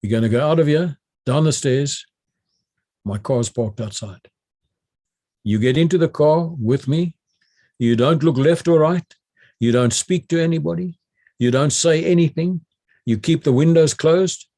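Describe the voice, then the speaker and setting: A man's voice: a little high, unhurried, long pauses, warm tone, pitched above the performer's own voice. An older South African man voicing a stern, commanding American woman who gives clipped orders.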